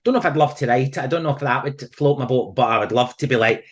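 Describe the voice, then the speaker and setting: A middle-aged Scottish man, a podcast guest, chatting casually and telling animated stories with frequent laughs. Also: medium pitch, racing. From Scotland. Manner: animated storyteller, laughs often. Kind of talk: casual chat.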